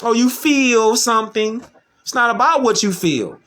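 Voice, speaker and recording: A man's voice: extremely high pitch, animated, unhurried, fairly bright tone. A man talking in a casual, slangy monologue, emphatic and full of rhetorical questions. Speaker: vlogger.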